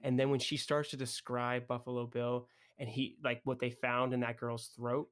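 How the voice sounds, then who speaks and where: A man's voice: medium pitch, flat delivery, normal speed. A young man co-hosting a podcast, chatting casually and enthusiastically about a film, full of "like" and "right?". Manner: enthusiastic, many "like" and "right?" fillers. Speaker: podcast co-host.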